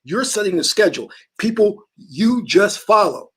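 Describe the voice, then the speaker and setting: A man's voice: sits high, expressive, normal speed, a bit bright, breathy edge. A man hosting a casual talk stream, telling stories in an emphatic way. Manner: emphatic storytelling. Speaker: host.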